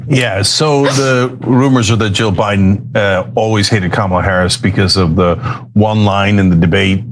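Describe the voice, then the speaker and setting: A man's voice: fairly low pitch, steady tone, normal speed. A man hosting a political talk show, emphatic and argumentative, with a mocking edge.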